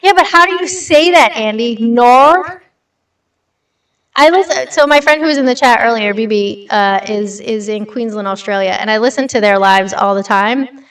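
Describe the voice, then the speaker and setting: A woman's voice: a little high, a little fast, a bit bright. Chatty woman livestreaming, slightly distant mic. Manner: blunt, chatty, swears, talks to chat. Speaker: livestream host. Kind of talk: casual livestream chat reading news. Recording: slightly distant with light reverb.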